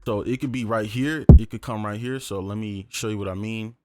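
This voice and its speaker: Loud music sits behind a young man's lowish, fairly quick voice as he casually demonstrates beat production in a screen-recorded tutorial. He talks loosely while working, relaxed and peppered with fillers like "um" and "right?".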